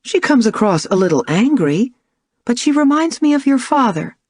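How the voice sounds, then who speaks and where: A woman voicing a gentle, warm-hearted mother speaking softly and kindly. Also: fairly high pitch, very animated, moderate pace, no echo, clean studio sound, pitched above the performer's own voice.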